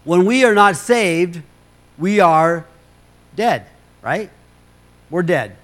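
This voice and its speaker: Male pastor with a slightly high voice, giving a chatty, joking sermon full of restarts. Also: expressive, slow, fairly bright tone. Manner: conversational, humorous asides, repeats words.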